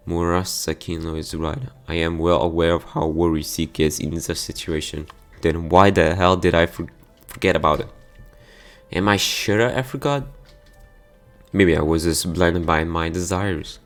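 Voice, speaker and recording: Soft background music accompanies a man with a low-pitched, steady voice reading at a moderate pace. He's voicing a visual novel for his gameplay channel in a plain way, tripping over words now and then and erupting into sudden outbursts.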